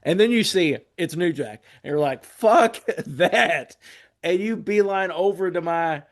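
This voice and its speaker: A man in his forties with a slightly raised voice tells stories as a podcast guest. He rambles, swears freely and slips into quick impressions of the people he quotes. His delivery is loose and conversational. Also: high voice. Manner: profane, rambling, acts out quotes. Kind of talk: casual storytelling.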